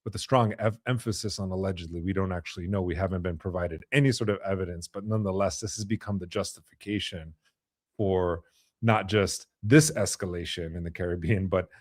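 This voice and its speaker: A low-voiced man hosts a podcast conversation, working through his points with lots of "you know" and restarts. His voice is recorded close and dry, with no room sound. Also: steady tone, no room sound. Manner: halting, many fillers and restarts. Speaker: podcast host. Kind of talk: conversational interview.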